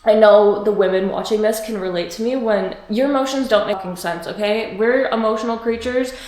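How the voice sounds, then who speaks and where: A woman's voice: medium pitch, brisk, darkish tone. Candid chatty woman vlogger, roomy sound. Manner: candid, rambling, swears freely. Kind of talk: casual chatty vlog.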